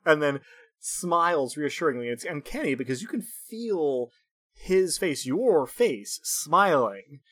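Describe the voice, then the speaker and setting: A man narrating as game master of a tabletop game, unhurried and full of fillers and laughter. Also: fairly high pitch, very animated, a bit bright, husky, no echo. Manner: unhurried, filler-heavy storytelling with frequent laughs.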